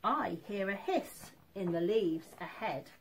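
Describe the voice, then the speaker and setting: A woman voicing a big hairy male monster from a picture book, slow and booming. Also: animated, slight background noise. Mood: menacing.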